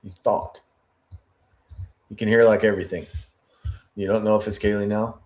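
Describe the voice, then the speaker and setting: A man's voice: on the low side, little pitch movement, moderate pace, a little mellow. A man giving analytical commentary on interview footage, thinking aloud, correcting himself and repeating key words.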